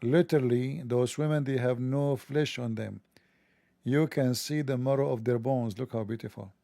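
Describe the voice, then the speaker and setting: A man's voice: mid-range voice, steady tone, moderate pace, vocal fry, warm tone, dry recording. A man hosting a livestream, delivering a sarcastic, joking, mocking monologue. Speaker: livestream host.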